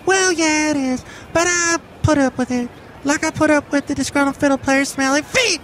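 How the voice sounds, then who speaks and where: A man voicing a snippy, teasing male sidekick in a squeaky, loud voice. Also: normal speed, a little hiss or hum.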